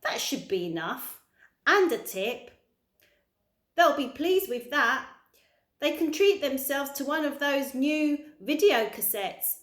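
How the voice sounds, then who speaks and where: A woman voicing a kindly, polite old male tramp with gentle, old-fashioned manners, in a roomy-sounding recording. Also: sits high, animated, takes it slowly, pitched above the performer's own voice, heavily acted. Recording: roomy echo.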